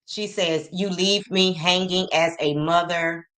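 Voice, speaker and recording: Low-voiced woman hosting a livestream. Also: fairly even intonation, fairly bright tone. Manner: reads messages aloud slowly, greets chat by name. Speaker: livestream host. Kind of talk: casual livestream commentary.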